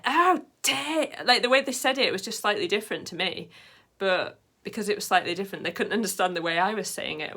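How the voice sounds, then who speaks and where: A woman's voice: on the low side, pushed and bright. A woman vlogging in a casual, rambling way, full of fillers and side tangents. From Britain. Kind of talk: casual chat to camera.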